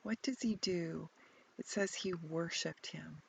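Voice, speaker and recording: Woman leading a guided Bible contemplation, slow and reflective, gravelly voice. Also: fairly low pitch, slight background noise. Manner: slow, reflective, prompting questions, at times whispered. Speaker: retreat leader guiding contemplation.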